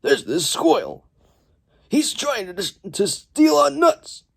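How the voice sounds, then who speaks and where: Bumbling heist crooks, as a man puts them on in a mocking, pitched-up voice, mid-low in the mix. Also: big pitch swings, slow, gravelly, heavily acted. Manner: mocking, exaggerated.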